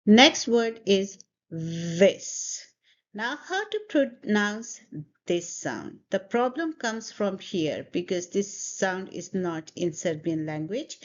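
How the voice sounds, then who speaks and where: Female teacher, slow, drills pronunciation word by word; muffled lo-fi recording. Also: mid-range voice. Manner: slow, repeats words for students to copy. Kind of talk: pronunciation lesson. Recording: dull lo-fi audio.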